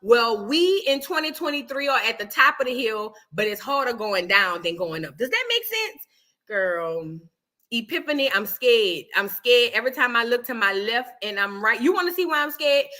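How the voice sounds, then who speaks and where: A woman's voice: fairly high pitch, very animated, normal speed, bright, forceful tone. A woman hosting a casual reaction livestream, rambling and talking straight to her viewers. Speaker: livestream host.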